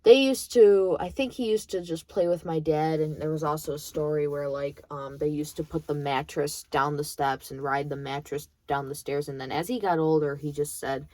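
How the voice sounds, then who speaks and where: A woman's voice: low-pitched, steady tone, moderate pace, few pauses, a little mellow, no room sound. Blunt, swearing woman venting. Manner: blunt, heated, swears freely. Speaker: vlogger. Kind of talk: casual venting monologue.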